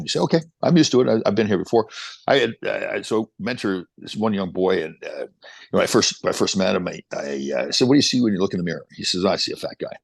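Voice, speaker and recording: A man in his sixties, a podcast guest and motivational speaker, telling stories in an energetic, motivational way. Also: low voice, creaky, husky, no room sound. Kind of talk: casual chat, storytelling.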